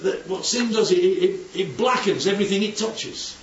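Using a high voice at normal speed, a man leads a group through an informal Bible teaching, asking frequent questions to make sure everyone follows. The audio is distant, dull and roomy with faint noise.

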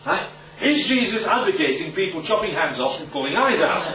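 A man preaching in an animated, swooping voice that sits a little high. He keeps prodding his listeners with quick rhetorical questions. He is recorded from a distance in an echoey room, and the sound is somewhat muffled. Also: crowd noise. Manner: emphatic, lively teaching delivery. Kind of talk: sermon-style Bible teaching. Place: room with a live audience.

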